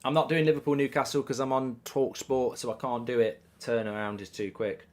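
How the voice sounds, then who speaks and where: Running a live football watchalong stream, this man reacts to the game and reads out viewer comments with lots of excited energy. His voice is mid-range and his pace a little fast, and he keeps stumbling over his words and starting sentences again.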